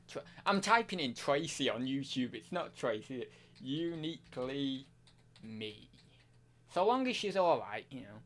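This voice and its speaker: A man's voice: mid-range voice, a bit bright. A man chatting casually on a live stream, rambling, self-mocking and talking to his chat.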